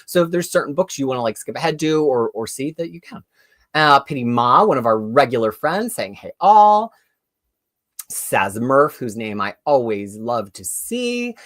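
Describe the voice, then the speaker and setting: A woman's voice: extremely low pitch, dry recording. Chatty woman hosting a live stream. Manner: chatty, reads out and answers viewer comments. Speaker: comic review live-stream host. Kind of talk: casual live-stream chat. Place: home studio in New Zealand.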